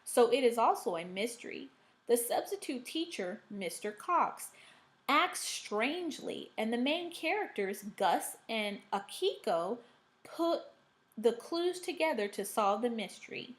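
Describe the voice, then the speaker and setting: Woman, reading teacher, recorded video lesson, upbeat, frequent check-ins, slightly high voice. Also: sing-song, a little slow. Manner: upbeat, checks in with okay after most steps.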